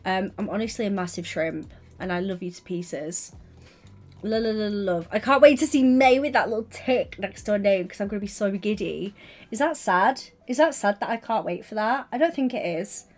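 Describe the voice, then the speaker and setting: A woman's voice: mid-range voice, expressive, brisk. A woman chatting casually on a gaming livestream, gushing and affectionate as she greets viewers by name.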